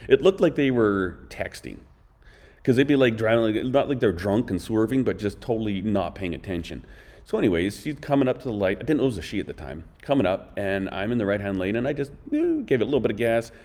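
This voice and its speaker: A man's voice: on the low side, very animated, fast talker, darkish tone. A man telling blunt, rambling stories in a casual chat, full of harsh opinions. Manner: rambling, blunt, opinionated, fond of mocking impressions.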